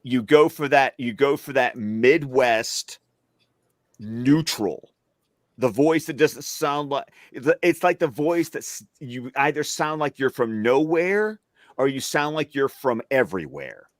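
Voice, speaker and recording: A man's voice: medium pitch, animated, slow pace, no room sound, studio quality. Chatty man with trained neutral diction. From Alabama, US South. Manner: chatty, rambling storyteller. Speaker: film podcast panelist. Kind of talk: casual panel chat.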